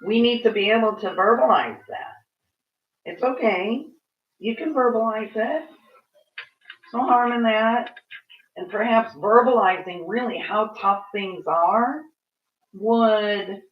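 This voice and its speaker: A woman ranting casually and frankly to camera, swearing freely as she vents. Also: mid-range voice. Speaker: vlogger. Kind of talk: casual rant. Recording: roomy, distant, dull sound.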